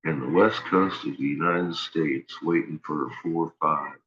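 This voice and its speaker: A man's voice: very deep voice, measured pace, a bit bright, highs cut off. A man hosting a casual livestream, ranting with lots of swearing and frequent laughter. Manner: profane, laughs often, ranting. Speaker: livestream host. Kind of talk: casual rambling livestream talk.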